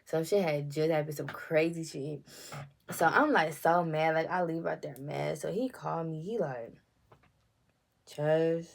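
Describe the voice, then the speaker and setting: A young woman, telling a story in a casual vlog, animated and swearing often as she acts out the quotes. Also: deep voice, measured pace, vocal fry, slight background noise. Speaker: storytime vlogger.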